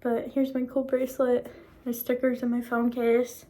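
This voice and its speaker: A young woman vlogging casually, excited and disbelieving, rambling with many fillers as she tells her story. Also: on the high side, normal speed.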